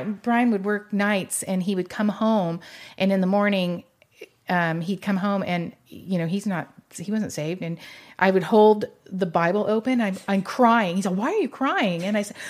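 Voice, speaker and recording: A middle-aged woman shares her faith testimony in an interview. She talks in an emotional, meandering way, doubling back and filling gaps with "you know." Her voice sits at an ordinary middle pitch for a woman. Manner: emotional, rambling with frequent restarts and "you know". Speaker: guest sharing her faith story. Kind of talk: conversational testimony.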